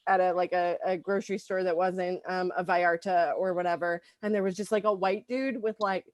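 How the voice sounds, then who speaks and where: A woman's voice: on the low side, steady tone, a little fast, dry recording. A woman doing a stand-up comedy set, rambling with lots of ums and likes.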